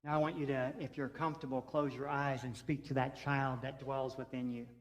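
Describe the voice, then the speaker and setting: A man's voice: mid-range voice, little pitch movement, brisk. A man preaching a sermon as pastor, earnest, with rhythmic repeated lines. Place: church sanctuary. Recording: reverberant church sanctuary.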